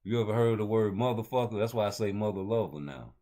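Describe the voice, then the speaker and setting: A man's voice: on the low side, animated, quick pace, warm tone. A man hosting a casual boxing talk show, rambling in loose street slang. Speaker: host.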